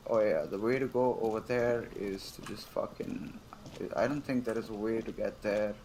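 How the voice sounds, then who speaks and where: A young man gives casual let's-play commentary while playing a video game, thinking out loud in a laid-back, profane manner. His voice is fairly low, creaky, and a bit mellow, with slight background noise.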